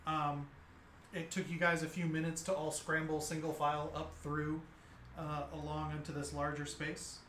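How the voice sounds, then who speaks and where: A man's voice: a little high, little pitch movement, fairly bright tone. Dm guy narrating the game, lots of ums, echoey room, little hiss. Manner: halting narration with many fillers. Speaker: dungeon master. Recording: echoey room with faint noise.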